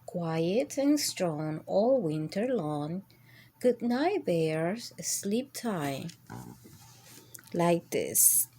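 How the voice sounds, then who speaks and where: Slow sing-song woman storyteller. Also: very animated, warm tone, slight background noise. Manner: slow, sing-song, bursts into high animal voices. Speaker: children's storyteller. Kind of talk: bedtime story reading.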